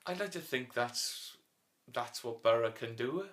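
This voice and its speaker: A British man co-hosting a casual football podcast, playful and quick to laugh and try out voices. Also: mid-range voice, expressive, a bit bright. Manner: playful, tries out silly voices, laughs often. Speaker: podcast co-host.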